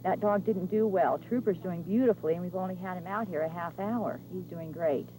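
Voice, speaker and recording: A woman's voice: lowish voice, a little fast, mellow, slight background noise, low-quality recording. A woman dog owner giving a casual, pleased account of her dog's training. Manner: pleased, explanatory. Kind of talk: casual testimonial.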